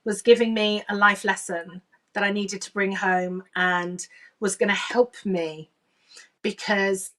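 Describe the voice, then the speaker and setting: A woman's voice: medium pitch, a bit bright, far from the mic. Woman, medium and intuitive coach, earnest emotional storytelling, acts out remembered lines, a bit off the mic. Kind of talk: personal storytelling in a conversation.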